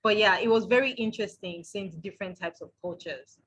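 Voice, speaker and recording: A woman's voice: mid-range voice, a little fast, a bit bright, slightly rough, lo-fi sound. A woman hosting a book club chat. She talks casually and chattily and laughs easily. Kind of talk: casual conversation.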